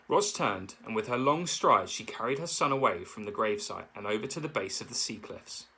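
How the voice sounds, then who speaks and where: Teacher guy reading a chapter book out loud, husky and bright, lowish voice. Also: lively intonation, moderate pace, poor audio. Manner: explains words aside. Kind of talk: reading a novel aloud.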